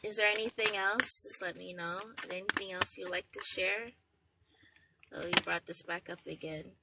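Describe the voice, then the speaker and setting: A woman's voice: fairly low pitch, fairly even intonation, gravelly, heavy background noise. A woman doing a live tarot reading outdoors at a beach. She meanders as she passes on messages from a spirit, quoting them one after another. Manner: relays spirit messages as quotes, meandering and slow. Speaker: intuitive tarot reader.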